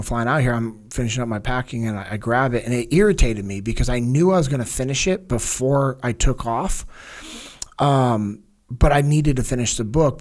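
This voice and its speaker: Earnest, emotional male podcast guest. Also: mid-range voice. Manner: earnest, emotional, rambling with restarts. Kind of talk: casual podcast storytelling.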